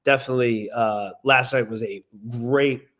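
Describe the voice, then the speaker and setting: A man's voice: mid-range voice, steady tone, moderate pace, fairly bright tone. A man co-hosting a wrestling podcast, telling stories in a rambling, casual way with lots of fillers. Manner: rambling, filler-heavy storytelling. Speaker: podcast co-host.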